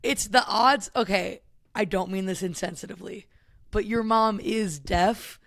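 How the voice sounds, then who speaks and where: A man's voice: high-pitched, a little slow, vocal fry, a bit bright. A man co-hosting a casual comedy podcast, talking in loose rambling sentences full of "like". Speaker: podcast co-host.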